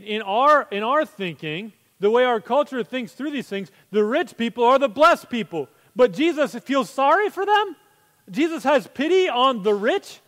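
A man's voice: sits high, fairly bright tone, long reverb tail. A man preaching a sermon as pastor, conversational and full of rhetorical questions.

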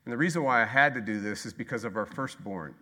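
A man in his thirties preaching a sermon as pastor, moving from loud, emphatic repeated lines to quiet, slow asides. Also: mid-range voice.

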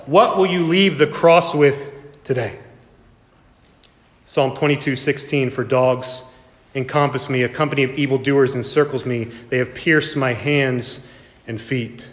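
A man preaching a sermon, his delivery swelling loud and high before dropping to a hush. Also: reverberant, in a large hall.

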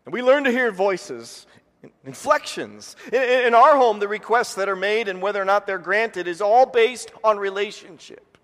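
A man's voice: high-pitched, lively intonation, normal speed, a bit bright. A man in his forties, a pastor, giving a sermon and telling stories from home, acting out his family's voices. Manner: storytelling, imitates family voices. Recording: long hall reverb.

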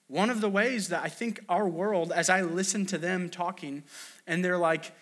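A man's voice: sits high, fairly even intonation, normal speed, a bit bright. A man preaching a sermon in a conversational, storytelling way, with many restarts and acted quotes. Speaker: pastor.

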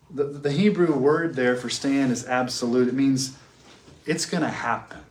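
A man giving a classroom theology lecture. He asks questions, answers them himself, and slows down to stress key words. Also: mid-range voice. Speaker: teacher. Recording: echoey room.

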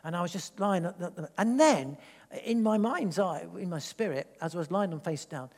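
A man from England, preaching a sermon in a church, animated and rambling with frequent restarts. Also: sits high, moderate pace, big-room sound. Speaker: pastor. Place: church hall.

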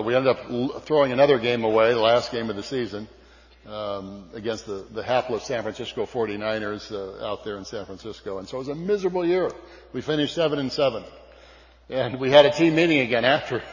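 Older man telling stories in a reverberant hall. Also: mid-range voice. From California. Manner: folksy, self-deprecating, many fillers and restarts. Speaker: speaker. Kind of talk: storytelling speech. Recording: dull sound with long hall reverb.

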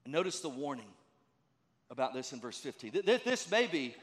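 This pastor's sermon comes in a medium-pitched male voice that is very animated and fairly quick, conversational yet emphatic and full of rhetorical questions. A large hall gives the audio a long reverb.

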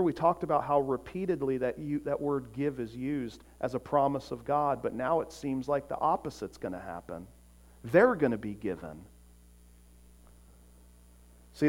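A man preaching a sermon, earnest, swinging from emphatic peaks to quiet, soft passages. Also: mid-range voice. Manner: acts out short voices in quotes. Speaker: pastor.

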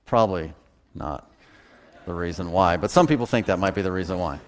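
A man preaching a sermon as a pastor, folksy and animated, chuckling at his own jokes. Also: sits low, fairly quick.

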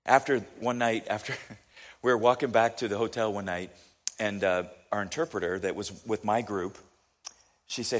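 An American man telling a story in a sermon, chatty and animated, often asking his listeners questions. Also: fairly low pitch, moderate pace. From United States.

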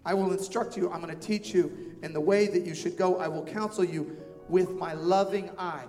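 A man preaching with a notably high voice, pressing his points through repetition and shifting between hushed and forceful delivery. His voice rings through a church hall with a long reverb tail. Soft music plays faintly underneath. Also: fairly even intonation, moderate pace. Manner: emphatic, repeats phrases, swings between soft and loud. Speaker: pastor. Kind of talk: sermon.

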